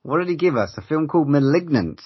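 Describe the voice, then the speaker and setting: A podcast co-host chats casually in a husky voice whose pitch swings a lot. He keeps things laid-back with short reactions. The sound is dry and a little dull. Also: lively intonation, quick pace, dry recording.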